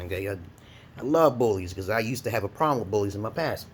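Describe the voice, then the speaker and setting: A man from Brooklyn, New York, ranting in a profane, rambling vlog monologue, breaking into loud laughing high shouts. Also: animated, fast, a little hiss or hum. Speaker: vlogger.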